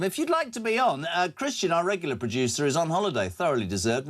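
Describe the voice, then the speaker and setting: An older man hosting a breakfast radio talk show, blunt and sardonic, with frequent fillers. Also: medium pitch. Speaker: radio host.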